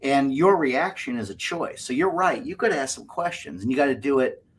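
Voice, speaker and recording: A man with a slightly husky voice talks in a casual podcast chat. His pitch rises and falls a lot as he acts out small quoted exchanges. The delivery stays conversational and lively. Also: brisk. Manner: animated, plays out little quoted exchanges. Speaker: co-host.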